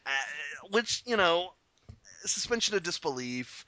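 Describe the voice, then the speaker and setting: A man co-hosting a podcast in casual chat, wry and joking, with quick asides. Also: sits high, big pitch swings, pushed and bright. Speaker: podcast co-host.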